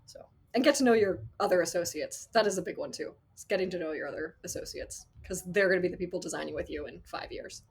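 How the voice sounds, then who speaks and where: Husky, animated woman telling stories. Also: on the low side, fast talker, hardly any pauses. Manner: animated storyteller, acts out quotes, laughs often. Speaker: associate sound designer, guest. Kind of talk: casual interview talk.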